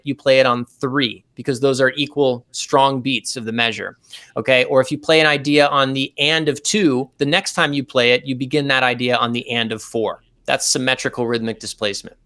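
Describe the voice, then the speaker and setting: A man, a guest saxophonist in an interview, telling animated anecdotes and explaining technical ideas step by step in a relaxed way. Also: medium pitch.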